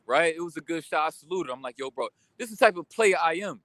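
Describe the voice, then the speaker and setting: A young man rants through a storytime vlog in a bright, forceful voice, pitched a little high for a man. He talks loose and slangy, piling on quick asides as he vents. The sound is close and dry, with almost no room around it. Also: expressive, dry recording. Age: young adult. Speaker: vlogger. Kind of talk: casual storytime rant.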